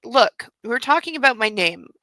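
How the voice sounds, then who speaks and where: A woman's voice: a little high, expressive, fairly quick, pushed and bright, no echo, rough recording. A woman reading the lines of a young wife pleading for her career in a plain, earnest read-aloud voice.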